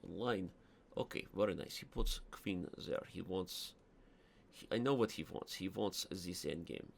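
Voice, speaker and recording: A man with a lowish voice, joking his way through live chess commentary. He rambles playfully between moves as he streams. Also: creaky, fairly bright tone.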